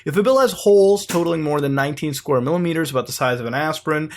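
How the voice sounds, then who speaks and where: A man's voice: fairly high pitch, fast. A man hosting casual, rambling commentary while browsing websites, swearing freely. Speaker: host.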